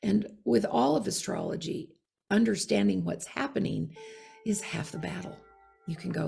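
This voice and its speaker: A woman astrologer explaining in casual conversation, with a gravelly voice and frequent "you know" and "okay?". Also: medium pitch, moderate pace, dark tone, soft background music.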